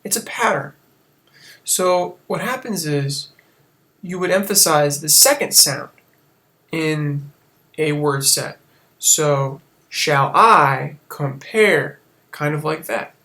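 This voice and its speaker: A man's voice: fairly high pitch, slow pace, pauses often, fairly bright tone. A man teaching a recorded lesson, speaking casually and explaining things step by step.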